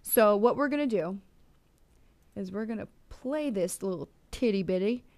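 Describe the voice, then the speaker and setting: A young woman co-hosts a casual show, gushing and bubbly, with many ums. Her voice sits at a middling pitch. The sound is dry and close. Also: animated, moderate pace, darkish tone, no echo. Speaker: show host. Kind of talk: casual chat.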